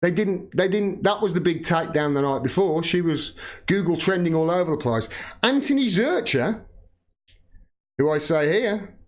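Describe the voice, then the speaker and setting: High-voiced British man ranting angrily. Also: animated, moderate pace. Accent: British English. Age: 40s. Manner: angry, swearing, ranting, with sudden laughs. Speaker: political YouTube host. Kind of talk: livestream political rant.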